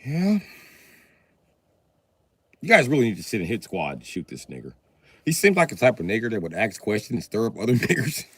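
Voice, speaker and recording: Sarcastic livestreaming man, lively pitch. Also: brisk, pauses often, slightly rough. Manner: sarcastic, profane, mock-serious. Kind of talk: casual live-stream chat.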